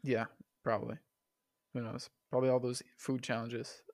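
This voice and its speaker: A man's voice: mid-range voice, little pitch movement, moderate pace, gravelly, crowd noise. A man in casual chat on a podcast. He sounds laid-back and encouraging and teases his friend. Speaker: podcast guest.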